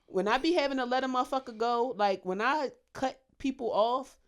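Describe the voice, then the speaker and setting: Blunt, profane woman co-host, slightly high. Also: moderate pace. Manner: blunt, profane, animated storytelling with voiced quotes. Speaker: podcast co-host. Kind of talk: casual chat.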